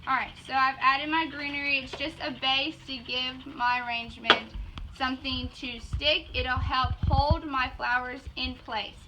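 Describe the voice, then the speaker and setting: A woman's voice: high-pitched, little pitch movement, unhurried. A bubbly young woman with a Southern accent, teaching floral design in a casual video lesson. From Georgia. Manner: bubbly, enthusiastic, exclaims often. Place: outdoors in yards, then indoors at a table. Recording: dull lo-fi sound with outdoor noise.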